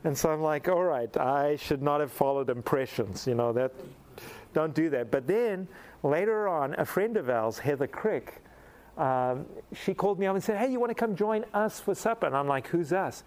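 Middle-aged male preacher, storytelling sermon, animated and laughing, pitch sits a bit higher than most men. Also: moderate pace.

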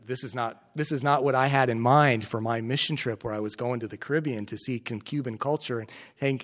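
A middle-aged man, a missionary speaker, telling an animated story to an audience, his voice rising in the exchanges he recounts. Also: medium pitch. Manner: animated, lively storytelling that gets loud in quoted exchanges. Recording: echoey hall recording.

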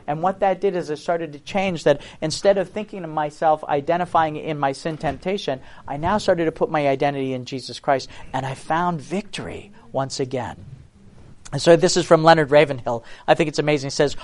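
Here a man preaches his testimony at a brisk pace, his voice slightly higher than the typical male range. He presses his points earnestly and with emphasis, frequently putting rhetorical questions to the audience.

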